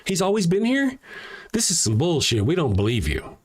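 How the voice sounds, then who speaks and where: A man's voice: a little high, huge pitch swings, normal speed, slightly rough, exaggerated voice. A man voicing a skeptical hometown man who bluntly scoffs at a familiar local's claims. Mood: scoffing.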